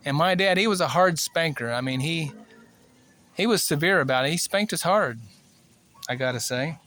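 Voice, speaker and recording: A man in his sixties, originally from Cuba, recounting memories in a loose, meandering way. His voice sits a little higher than most men's, and his speech is plain and unpolished, full of fillers and restarts. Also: lively intonation, normal speed, pushed and bright. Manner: rambling, plainspoken, many fillers. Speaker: vlogger. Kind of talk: personal storytelling.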